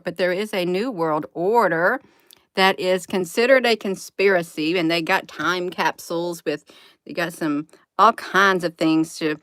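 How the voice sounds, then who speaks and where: A woman's voice: lowish voice, fairly bright tone, dry recording. Casual lady host on a live stream, talks to chat, giggles a lot, dead dry room. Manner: rambling, giggly, addresses viewers directly. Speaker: livestream host.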